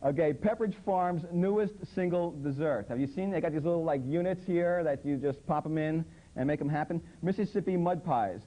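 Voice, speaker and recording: A man's voice: a little high, fairly quick, few pauses, lo-fi sound. A man hosting a satirical public access show, mocking commercials with an incredulous, sarcastic tone. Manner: sarcastic, incredulous, quoting ads in mock voices. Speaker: comedy host. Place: public access TV studio under hot lights.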